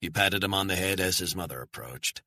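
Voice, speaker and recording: A man narrating a thriller audiobook in a measured, steady storytelling manner, on a close studio mic. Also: deep voice, no echo.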